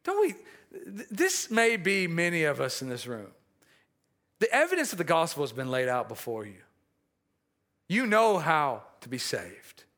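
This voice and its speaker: A man preaching a sermon in an animated way, acting out dialogue from the story and laughing at his own asides. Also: fairly high pitch, measured pace.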